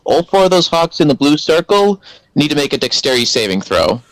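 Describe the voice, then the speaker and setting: A man's voice: fairly high pitch, sing-song, brisk, fairly bright tone, dry recording, rough recording. A man playing a tabletop game, explaining his spell and its rules step by step. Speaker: player. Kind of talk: casual tabletop game play.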